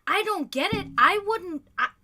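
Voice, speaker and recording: A European woman hosting a livestream rants casually and heatedly, swearing a lot and talking fast. Her voice is extremely high-pitched, expressive, and sharp in tone.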